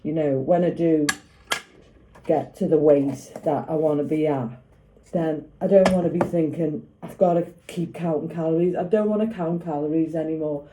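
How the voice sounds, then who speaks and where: A woman's voice: low voice, steady tone, normal speed, background noise. A middle-aged woman chatting casually to camera in her home kitchen while she makes food, rambling with lots of tag questions. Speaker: vlogger.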